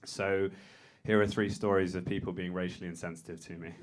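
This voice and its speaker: A man's voice: low-pitched, a little fast. Self-deprecating male stand-up. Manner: self-deprecating, hesitant with fillers, deadpan. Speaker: stand-up comedian. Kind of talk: stand-up set. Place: comedy club stage.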